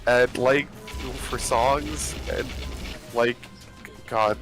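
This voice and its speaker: A man's voice: mid-range voice, steady tone, extremely slow, over music. A man chatting casually with friends while gaming, rambling with lots of fillers and restarts, over a voice chat headset.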